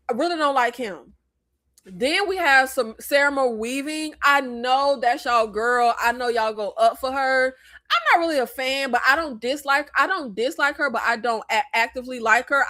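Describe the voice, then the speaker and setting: An American woman hosting a casual movie review chat, blunt and animated, with rambling asides. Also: high-pitched. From United States. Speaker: host.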